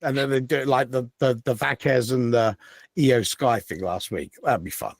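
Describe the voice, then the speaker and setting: A man's voice: mid-range voice, normal speed, dry recording. A man co-hosting a wrestling podcast, chatting casually and rambling with frequent ums and restarts. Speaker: podcast co-host. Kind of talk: casual chat. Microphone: podcast mic.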